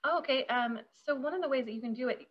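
A woman's voice: sits high, quick pace, lo-fi sound. A woman caterer leading a casual hands-on workshop over a video call, bubbly and chatty, giggling often.

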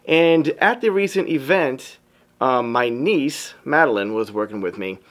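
A man's voice: medium pitch, lively intonation, a little slow. A man who works as a photographer, giving an upbeat motivational talk to his viewers and calling them y'all. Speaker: photographer and vlogger.

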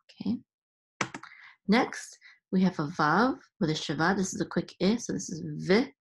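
A woman teaching Hebrew reading step by step, patiently repeating each sound and sometimes sliding into a soft near-whisper. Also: fairly low pitch, animated, normal speed, slight background noise. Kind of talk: slow step-by-step lesson.

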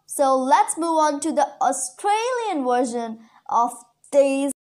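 A high-sitting, animated voice with a darkish tone belongs to this woman teaching English vocabulary online. Urdu is her first language, and she chats freely while slowly repeating key terms for her students.

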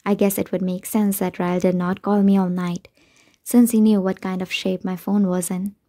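Even-toned woman reading a novel. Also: medium pitch, moderate pace. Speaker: audiobook narrator. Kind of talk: first-person novel narration.

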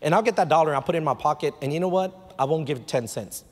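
A man's voice: fairly high pitch, quick pace. A male pastor gives a conversational sermon that rises into emphatic bursts. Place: church sanctuary. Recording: live church hall reverb.

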